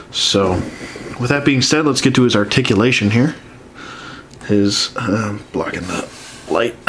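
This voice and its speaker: A man's voice: lowish voice, a little hiss or hum. A stuffed-up man reviewing an action figure in an easygoing, conversational way. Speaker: toy collector reviewer. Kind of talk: casual toy review.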